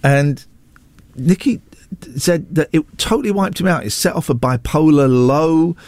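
A man's voice: fairly high pitch, a little slow, a little mellow, dry recording. A man, hosting a radio show in a rambling, self-deprecating chat that jumps between asides. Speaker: radio host. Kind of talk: casual on-air chat. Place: radio studio.

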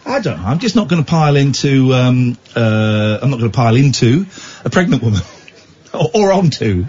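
A man's voice: medium pitch, big pitch swings, moderate pace, a little mellow. A man hosting a late-night radio show, chatty and joking, often stumbling and restarting his sentences. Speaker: radio host. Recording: dull lo-fi broadcast audio.

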